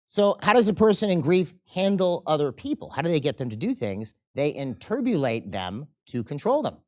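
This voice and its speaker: Man, seminar instructor, lively up-and-down pitch, acts out quotes, checks in with the room. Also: normal speed. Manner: animated, checks in with the audience; acts out quoted people in changing voices. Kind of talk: live seminar lecture.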